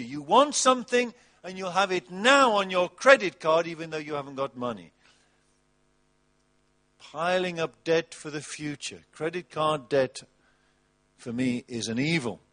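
A man delivers a sermon in a high voice. He is animated, mocks with put-on voices, and moves between loud bursts and soft asides. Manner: animated, mocking with put-on voices, wide swings in loudness. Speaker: pastor.

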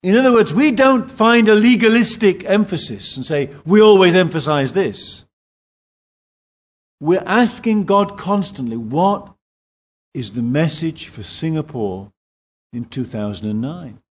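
Man, preacher, sermon, slow deliberate pace, expressive rising and falling pitch, slightly high voice. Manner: slow, emphatic preaching with lively pitch swings.

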